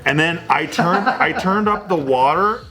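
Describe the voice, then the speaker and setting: A man's voice: a little high, measured pace. A man in his thirties, a podcast co-host telling a long personal story in casual chat, swearing freely and acting out the voices of the people in it. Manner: profane, animated storyteller acting out quotes.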